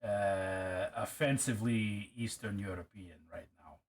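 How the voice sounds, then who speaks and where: A man putting on a lowered, exaggerated mock-Russian accent while chatting during a stream. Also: completely flat delivery, moderate pace, a bit bright. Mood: hammy.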